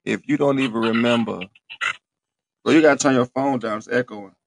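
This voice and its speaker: A man's voice: medium pitch, fairly quick, creaky, background noise. Laid-back man bantering on a podcast. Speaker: podcast co-host. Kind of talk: casual podcast chat.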